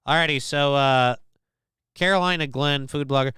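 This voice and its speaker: A man's voice: mid-range voice, expressive, normal speed, a bit bright, clean tone, no room sound, studio quality. A man hosting a livestream, reading news stories aloud to his chat and cutting in with sarcastic, profane jokes. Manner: sarcastic, profane, joking asides. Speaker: livestream host.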